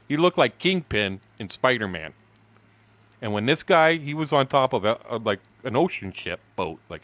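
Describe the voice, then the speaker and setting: A man in his sixties telling profane stories casually while streaming a fishing game, acting out shouted quotes. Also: mid-range voice. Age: 60s. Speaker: gaming streamer. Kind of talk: casual storytelling while gaming.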